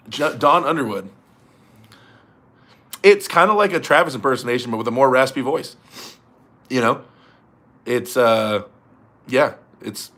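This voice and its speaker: A man's voice: medium pitch, fairly bright tone. A young man hosting a casual livestream, reading viewer comments in a laid-back way, laughing often and swearing casually. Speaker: livestream host.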